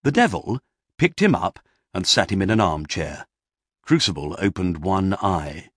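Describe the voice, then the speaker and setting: A man's voice: deep voice, big pitch swings, measured pace, fairly bright tone, dry recording. A man narrating a comic story in a dry, storytelling manner.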